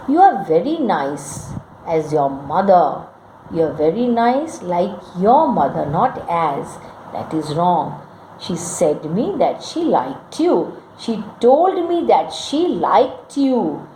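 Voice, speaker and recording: A woman teaches an English grammar lesson, slowly and deliberately reading out incorrect sentences, correcting each one and quizzing her class. Her voice is lowish, very animated and darkish in tone. The room is echoey with faint ambience and slight background noise.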